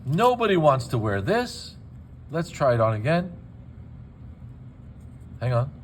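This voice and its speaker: A man's voice: on the high side, big pitch swings, slow, slight background noise. A man demonstrating dental lab work in a casual teaching style, with joking asides. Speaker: dental technician. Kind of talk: hands-on demonstration. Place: dental laboratory.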